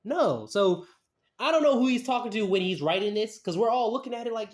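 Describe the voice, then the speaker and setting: A man's voice: high-pitched, big pitch swings, a little slow. A man, reading a statement aloud and mocking it in casual commentary, repeating his points. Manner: repeats phrases, skeptical and mocking.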